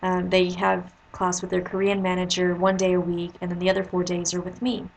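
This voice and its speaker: A woman who teaches, talking casually to camera as she tells a story and slips into higher voices to quote her pupils. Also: monotone, a little fast, creaky, slight background noise, rough recording. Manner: chatty, jumps into high voices when quoting kids.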